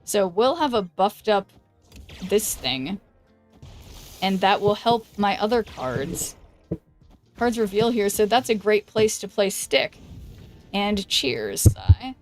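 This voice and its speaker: A woman streamer chatting casually while she plays a card game, thinking aloud and greeting viewers, with a voice that is going hoarse. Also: mid-range voice, expressive, slow pace, pauses often, darkish tone, soft background music. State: losing her voice. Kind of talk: casual gameplay commentary.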